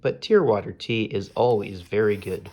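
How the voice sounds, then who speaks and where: A man voicing a gentle, earnest, sentimental male owl from a children's storybook, speaking in simple, sincere sentences. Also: lowish voice, normal speed, dull audio, natural voice. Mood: content.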